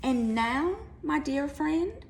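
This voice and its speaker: A woman doing a slow, haughty storybook lion. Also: high voice, lively intonation, vocal fry, a little hiss or hum, voice pushed up, heavily acted. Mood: grateful. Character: big proud scoffing male lion.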